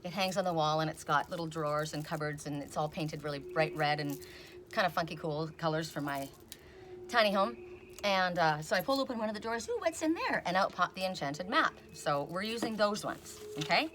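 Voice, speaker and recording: A middle-aged woman reading oracle cards in a casual, rambling chat, telling stories and quoting people in animated voices. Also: low-pitched, fairly quick, slight background noise. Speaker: oracle card reader. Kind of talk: casual chatty video reading.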